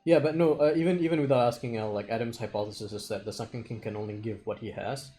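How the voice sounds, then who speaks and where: A man's voice: medium pitch, fairly even intonation, fast, noisy background. A man playing a tabletop game, speaking earnestly and formally when in character. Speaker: player.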